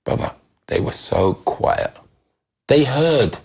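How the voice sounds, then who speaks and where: Gravelly husky man telling a story. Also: medium pitch, sing-song, slow, a little mellow. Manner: dramatic retelling, acting out voices and thoughts. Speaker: podcast guest, former footballer. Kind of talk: animated storytelling in casual conversation.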